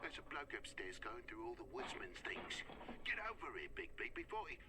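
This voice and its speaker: A man's voice: medium pitch, wildly swooping pitch, fairly quick, very noisy. An actor with a Cockney accent playing a shifty, anxious male toad landlord in a video game, talking in a hurry. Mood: panicked.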